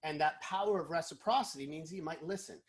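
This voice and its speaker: A man, a guest in a casual interview, explaining sales calls and acting out quick snippets of phone chats. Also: on the high side. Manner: animated, acts out phone calls.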